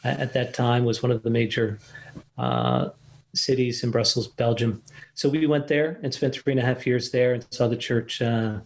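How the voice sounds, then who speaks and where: An older American man, a missionary guest, telling his story in an interview with frequent pauses and fillers. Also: medium pitch, steady tone, vocal fry. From United States. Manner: halting, many fillers and restarts.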